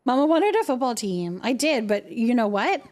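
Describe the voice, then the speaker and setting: A woman's voice: on the high side, sing-song, moderate pace, darkish tone. A woman in her thirties, a mother, chatting casually with her viewers on a live stream while she plays a game, laughing often. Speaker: livestreamer and mother.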